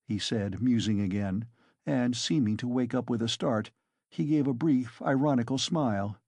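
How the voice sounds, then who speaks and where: Gravelly male audiobook narrator. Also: mid-range voice, moderate pace, a little mellow, no room sound. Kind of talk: scripted narration.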